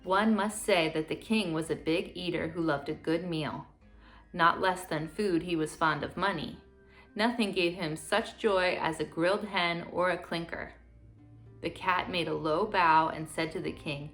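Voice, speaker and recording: A woman gently reading a fairy tale aloud to children in a steady storytelling manner. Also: lowish voice, a little slow, faint music behind.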